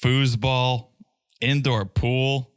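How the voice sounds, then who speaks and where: A man's voice: mid-range voice, steady tone, drawn-out words, clear, resonant tone, no room sound. Dry-joking man co-hosting a podcast. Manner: dry, joking, wry asides. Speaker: podcast co-host. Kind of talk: casual chat recapping a reality show.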